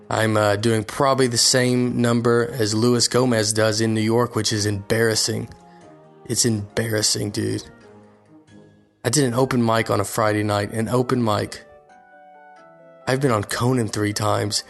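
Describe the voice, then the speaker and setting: A young man tells a comic story in a self-mocking, rambling way, tripping over his own sentences. His voice sits at an ordinary pitch for a man. Faint music plays softly underneath. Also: gravelly. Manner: self-deprecating, rambling with restarts. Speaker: comedian recording a guest spot. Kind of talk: casual comedic monologue.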